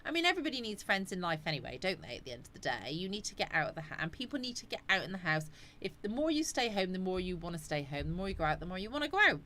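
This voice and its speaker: Bright chatty lady on a live stream, rambling on and answering comments as they come in. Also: fairly low pitch, sing-song, racing, hardly any pauses, slight background noise. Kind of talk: casual live chat reading comments.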